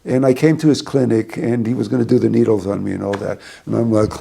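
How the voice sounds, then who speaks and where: A man's voice: lowish voice, fairly even intonation, quick pace, gravelly, mellow, husky. A man, a rabbi, giving an informal talk to a small group, rambling through a story with many restarts.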